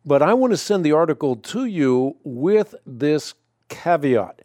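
Male radio host, warm low-key timbre, dry close mic, steady teaching manner. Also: no room sound. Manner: measured, explanatory, cites scripture. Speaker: radio host answering Bible questions. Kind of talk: call-in radio answer.

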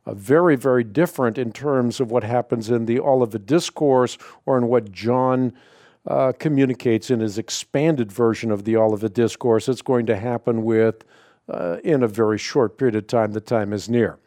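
A man hosting a call-in radio show, explaining scripture to callers in a measured, authoritative way. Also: mid-range voice, dark tone, dry recording, studio quality. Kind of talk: call-in Bible answer radio.

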